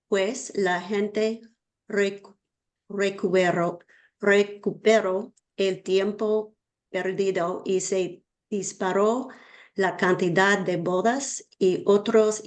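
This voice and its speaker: A woman student reading a Spanish passage aloud and sounding out hard words. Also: mid-range voice.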